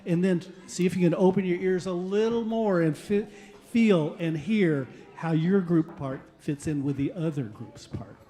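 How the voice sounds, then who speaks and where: A man's voice: sits high, a little slow, long reverb tail. A man teaching a rhythmic vocal chant to a live audience at a café concert, energetically coaxing everyone to join in. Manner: energetic, coaxes the crowd to join in. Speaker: guest music teacher at a kids' concert.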